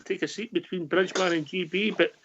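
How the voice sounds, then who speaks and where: A man with a Scottish accent hosting a fan call-in show, brisk and jokey as he leads the talk. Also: sits high, fairly even intonation, creaky, fairly bright tone, dull audio, a little hiss or hum. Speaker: host. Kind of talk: casual call-in chat.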